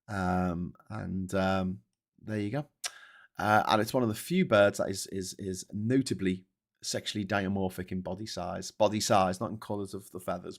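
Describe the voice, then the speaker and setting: A man hosting a live news commentary show, sweary and ranting, with enthusiastic digressions as he reacts to viewer chat. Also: fairly low pitch. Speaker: host.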